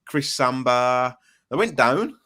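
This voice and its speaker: A man at mid pitch leads a relaxed football podcast with friends. He chats loosely and slows down to read through names one by one. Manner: reels off player names slowly while reading a list. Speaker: podcast host. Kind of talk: casual football chat.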